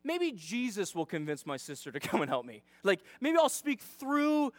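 Frazzled fuming hostess voiced by a man, high and melodramatic, dry close sound. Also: wildly swooping pitch, normal speed, no room sound. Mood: pleading. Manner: exasperated, pleading, melodramatic. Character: frazzled woman host fuming over serving.

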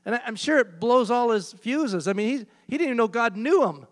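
High-voiced preacher in a reverberant hall. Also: male voice, lively intonation, fairly quick. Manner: emphatic, repeats key phrases. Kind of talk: sermon.

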